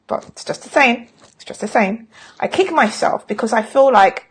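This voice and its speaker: A woman's voice: on the high side, gravelly, slightly rough. A middle-aged woman talking casually on a live stream as a sales coach, frank and chatty, with self-mocking jokes.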